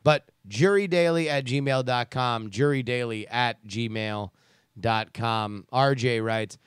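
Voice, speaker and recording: A man's voice: medium pitch, slow pace, smooth, dry recording, studio quality. A man hosting a casual commentary show who rants in a sarcastic, profane way and reads listener emails. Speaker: podcast host reading listener emails.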